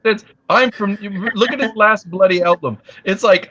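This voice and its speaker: A man's voice: high voice, very animated, a little fast, pushed and bright, dull audio. A middle-aged man chatting casually over a video call, laid-back, often trailing off with "you know". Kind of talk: casual chat on a live stream.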